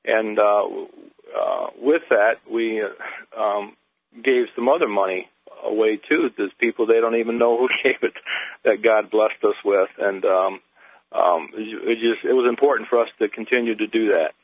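An older man speaks over a tinny phone line with a low voice. He talks haltingly, with many pauses and fillers. The sound is dry and close. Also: no echo. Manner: halting, many uh and um, gets emotional. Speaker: caller. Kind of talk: phone-in testimony.

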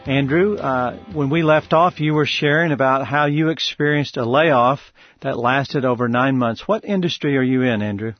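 A man's voice: mid-range voice, normal speed, few pauses, no room sound, lo-fi sound, soft background music. A man hosting a faith radio show, asking earnest, encouraging questions. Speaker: radio host.

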